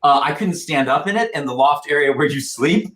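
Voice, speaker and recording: A man co-hosting a podcast in casual chat, animated and self-deprecating, laughing often. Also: a little high, brisk. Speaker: podcast co-host and comedian. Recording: roomy echo.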